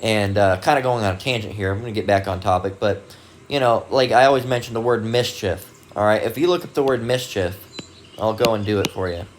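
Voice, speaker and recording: Speaking a little fast in a fairly low voice, a man hosting a religious video delivers a loose, meandering Bible lesson full of fillers and restarts. He also reads dictionary definitions out loud, and there's slight background noise.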